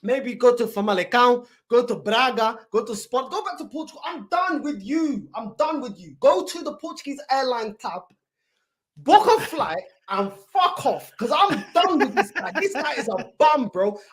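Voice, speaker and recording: A woman hosting a casual football talk show, ranting loudly and profanely in street slang. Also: fairly high pitch. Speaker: fan show host.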